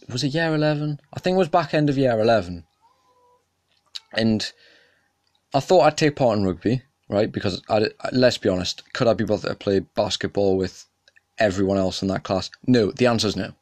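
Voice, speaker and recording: A young man hosting a solo podcast, ranting with indignation and often jumping up in pitch and volume. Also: no room sound, studio quality. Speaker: podcast host. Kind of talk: casual solo podcast rant.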